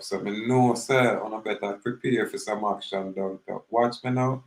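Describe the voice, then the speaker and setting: A man's voice: on the low side, steady tone, moderate pace, hardly any pauses, echoey room, poor audio. A man with a Jamaican accent, talking casually in a rambling monologue that mixes patois and English.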